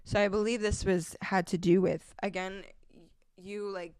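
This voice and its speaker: A woman's voice: mid-range voice, fairly even intonation, moderate pace, darkish tone, clean tone, dry recording, studio quality. A young woman hosting a faith-based advice podcast, chatting casually, laughing often and reading scripture aloud. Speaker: podcast host.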